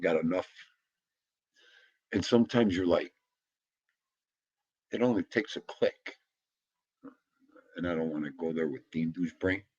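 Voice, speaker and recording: A man's voice: deep voice, measured pace, pauses often, a little mellow, breathy edge. A man hosting a casual live stream from home, rambling to viewers in the comments and to his dog. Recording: dull lo-fi home stream audio.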